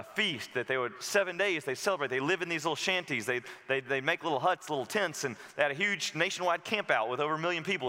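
A man preaching a sermon as pastor, animated and rising to loud, emphatic peaks. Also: fairly high pitch, big-room sound.

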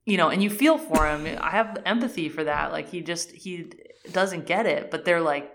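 A woman's voice: fairly low pitch, moderate pace. A woman in casual chat, animatedly retelling a TV series' plot and acting out the characters' lines with many "like"s. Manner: frequent fillers "like" and "um".

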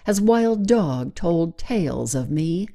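A woman's voice: low voice, expressive, slow pace, warm tone, heavily acted. A woman doing a proud, cunning wild cat.

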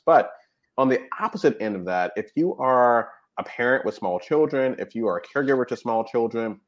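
A man's voice: sits low, highs cut off. A man talking as a guest expert in a conversational interview, explaining patiently and often checking in with "right?" and "you know". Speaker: guest expert on technology habits.

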